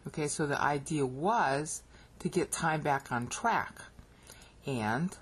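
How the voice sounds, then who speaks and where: Speaking slowly in a husky, medium-pitched voice, a Bible teacher with an American accent talks through a screen-recorded lecture. They often pause on "okay?" to check that listeners are following.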